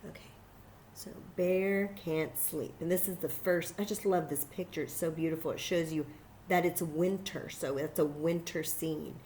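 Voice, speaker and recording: A woman librarian reading a picture book aloud at children's story time, animated and enthusiastic, talking to the kids. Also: deep voice, normal speed, slight background noise.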